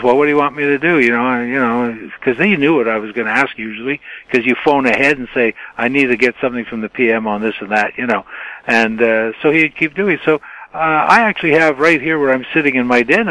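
Speaking from his home den as a podcast guest, a retired Canadian TV reporter, now older, recounts lively tales from his reporting days, using lots of fillers and acting out the questions he used to shout. His voice sits in the mid-range, and the audio is poor with no room sound.

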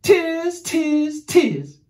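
Cheeky little monkeys, voiced by a woman narrator chatter back in squeaky, sing-song tones. The voice pops up high and loud, teasing and mimicking. It is part of a picture-book reading for children. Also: sing-song, drawn-out words, exaggerated voice. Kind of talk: storybook read-aloud.

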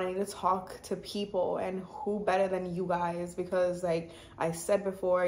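A woman in her twenties chatting casually to her viewers, saying "like" constantly and drifting from topic to topic. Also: on the low side. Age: 20s. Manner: chatty, says "like" a lot, sidetracks; warm and confiding, fast talking. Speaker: vlogger. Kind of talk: casual chat to camera.

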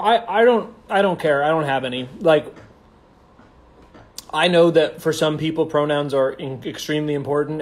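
A young man casually chatting on a phone livestream, reading comments aloud in a playful, campy, slangy way. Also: fairly high pitch. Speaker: stage actor hosting a livestream.

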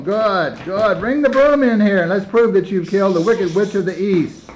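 Man directing a kids' home play, high voice, coaxing and encouraging, repeats praise, camera mic, slightly muffled lo-fi sound, faint hiss. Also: lively intonation, moderate pace. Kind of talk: coaching children through a rehearsal while filming. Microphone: handheld camera mic. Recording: slightly dull lo-fi camera audio with faint noise.

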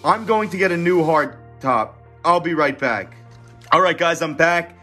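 A man's voice: on the high side, a little slow, pushed and bright, soft background music. A man hosting a casual card-unboxing vlog, talking eagerly and chatting straight to his viewers. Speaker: card-opening channel host.

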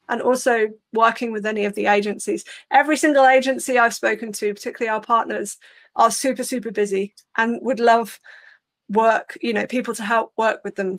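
A woman on a panel walking through practical steps in a clear, conversational way. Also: on the high side, fairly bright tone, no echo. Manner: clear, practical, step-by-step explaining. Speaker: open source community leader.

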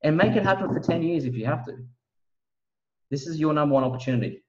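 A man giving an emphatic, preachy motivational sales pitch as a guest on a video call. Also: fast, warm tone, echoey room, far from the mic, dull audio.

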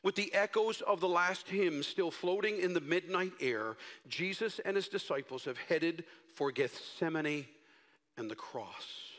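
Expressive, high-voiced preacher man. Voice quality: dramatic, expressive. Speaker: pastor. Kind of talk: sermon. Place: church sanctuary. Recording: echoey church hall.

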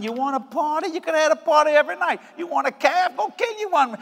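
A male preacher giving a sermon in an animated, joking way, often breaking into shouts. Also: very high voice, fast talker, vocal fry, long reverb tail.

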